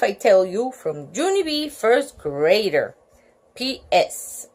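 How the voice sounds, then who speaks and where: A woman's voice: medium pitch, big pitch swings, slow pace, a little mellow. A woman reading a children's storybook aloud at home at night, giggling and breaking off with chatty asides.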